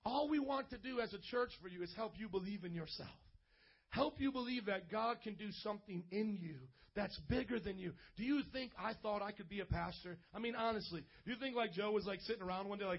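A young man's husky, fairly high voice drives an energetic youth sermon, swinging from playful slang up to shouted calls. The sound is a little dull and lo-fi. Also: a little fast. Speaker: youth pastor. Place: church youth service.

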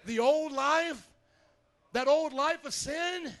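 A man preaching a sermon as pastor in a church, animated and calling out to the congregation for responses. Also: very high-pitched, slow.

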